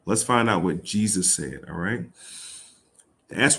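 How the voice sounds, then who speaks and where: A man's voice: on the low side, takes it slowly, fairly bright tone. A man reading a Bible passage aloud and riffing on it in casual, irreverent talk, swearing and laughing. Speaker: host.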